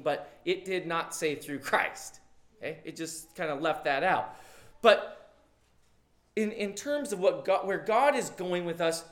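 A man delivers a sermon with a notably high-pitched voice. He preaches in a conversational, unpolished way, then punches certain words much louder for emphasis. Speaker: pastor.

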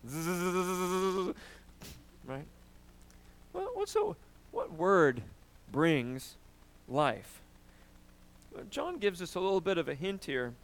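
A man preaching a sermon, emphatic and animated, often asking "right?" and clearing his throat. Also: a little high, slow pace. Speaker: pastor.

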